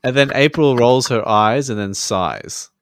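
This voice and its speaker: A man's voice: medium pitch, unhurried, slight background noise. A man with an Australian accent, co-hosting a podcast in casual chat, rambling and profane and laughing often. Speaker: podcast co-host.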